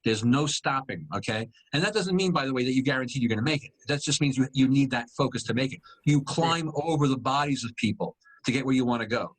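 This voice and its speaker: A man, a guest comedian, chatting on a video call, animated and swearing freely. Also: mid-range voice, fast, few pauses, poor audio. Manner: animated storyteller, swears, frequent "you know". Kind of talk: casual chat on a video call.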